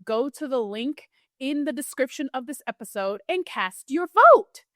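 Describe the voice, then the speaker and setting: A young woman co-hosting a podcast, chatting casually and telling stories in an animated way, jumping up high when she quotes herself. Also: unhurried, dry recording, clean studio sound. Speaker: podcast co-host. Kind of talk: casual chat.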